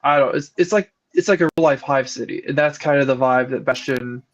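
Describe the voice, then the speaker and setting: A man's voice: mid-range voice, quick pace. Wry man on a muffled video call. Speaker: book club member. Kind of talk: casual book discussion. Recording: slightly muffled lo-fi audio.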